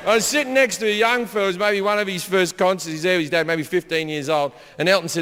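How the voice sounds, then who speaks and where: A man tells a profane stand-up story to a live audience. He often jumps into loud imitations of other people. His voice is high and bright, and it rings out with a long hall reverb over a faint murmur of ambience. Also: fast, hardly any pauses. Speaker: stand-up comedian. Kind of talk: stand-up comedy set. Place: comedy stage before a live audience.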